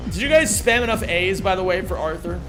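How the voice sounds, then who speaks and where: A man with a high, very lively voice calls out his speedrun live, jumping from casual chatter to loud excited outbursts. He swears freely and trades jokes with his chat. Faint game music plays behind him. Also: brisk. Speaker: streamer and speedrunner. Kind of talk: live-stream commentary while playing.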